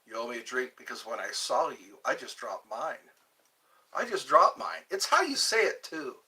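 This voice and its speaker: A man's voice: mid-range voice, very animated, a little fast, bright, forceful tone. A man hosting a casual livestream, rambling, reading out viewer questions and answering them while eating yogurt. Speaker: livestream host.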